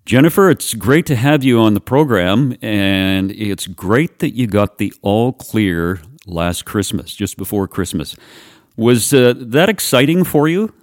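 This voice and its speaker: Man, podcast host, low and measured, dry close sound. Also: expressive, no room sound. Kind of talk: scripted intro and interview.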